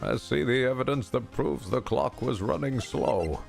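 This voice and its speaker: A man voicing an elderly, fussy and formal judge, reading the lines aloud slowly. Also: mid-range voice, animated, over music. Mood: stern. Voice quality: gravelly. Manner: slow, stately court pronouncements. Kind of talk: reading game dialogue aloud.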